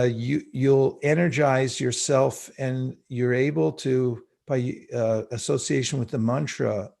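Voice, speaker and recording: A man teaching an online spiritual class by video call, speaking reflectively and slowly chanting mantras for listeners to repeat. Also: mid-range voice, gravelly, darkish tone.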